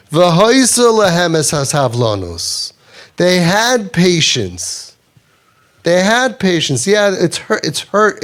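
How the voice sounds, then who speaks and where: A man giving a Torah lecture in English with an Orthodox Jewish accent, reading Hebrew quotes and explaining them with repetition for emphasis. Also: fairly high pitch. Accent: Orthodox Jewish English with Ashkenazi Hebrew. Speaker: rabbi teaching a class.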